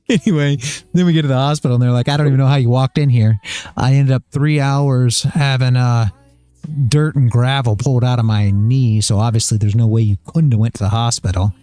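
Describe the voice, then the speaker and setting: A man's voice: mid-range voice, normal speed, a little mellow, dry recording. A man hosting a live stream, chatting casually and rambling through a personal story with many restarts. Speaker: livestream host.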